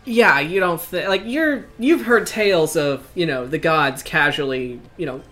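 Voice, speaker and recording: A man's voice: fairly high pitch, unhurried, a bit bright, faint music behind. A man narrating a tabletop game as game master, rambling with many fillers.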